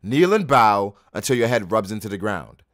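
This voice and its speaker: A man reading a manga aloud and voicing a paranoid, boastful shogun who shouts indignantly. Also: on the low side, sing-song, normal speed, dry recording, studio quality. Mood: angry shouting.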